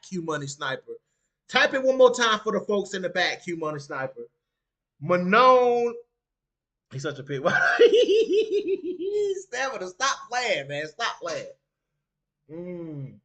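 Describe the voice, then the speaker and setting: A man talking casually on a live stream and reading chat aloud, animated, jumping from low asides to loud outbursts, often saying "you know what I'm saying". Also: measured pace. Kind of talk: casual talk on a live stream about mixed martial arts.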